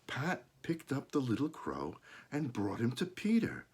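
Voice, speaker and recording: Guy doing an excited little girl from a kids' book, high and bubbly, jumpy sing-song voice. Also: measured pace, breathy edge, full character voice.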